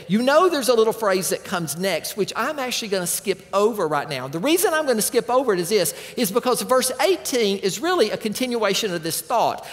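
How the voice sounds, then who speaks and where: Male pastor, sermon, lively swooping delivery, big echoing sanctuary. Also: high voice. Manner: animated, conversational preaching with asides to the congregation. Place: church sanctuary. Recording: church hall reverb.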